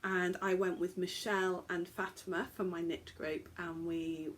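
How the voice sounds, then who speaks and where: A woman's voice: on the low side, little pitch movement, normal speed, slight background noise. A woman hosting a podcast, chatting casually and joking at her own expense as she stumbles over foreign words. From England. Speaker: podcast host.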